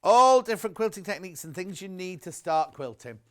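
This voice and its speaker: High-voiced, gushing man. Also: lively intonation, brisk, a bit bright. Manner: chatty, gushing, reads out viewer messages. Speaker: home shopping presenter. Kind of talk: live shopping broadcast chat.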